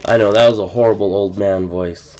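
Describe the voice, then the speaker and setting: A man's voice: lowish voice, fairly even intonation, fairly quick. A man hosting a card-breaking live stream, chatting casually and musing aloud as he goes, often restarting his sentences. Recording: dull lo-fi stream audio with faint noise.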